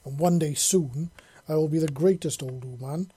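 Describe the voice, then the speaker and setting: A man voicing a proud female alien huntress with mandibles, gravelly, sulky and snarling. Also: a little high, normal speed, mellow. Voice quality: gravelly, growling.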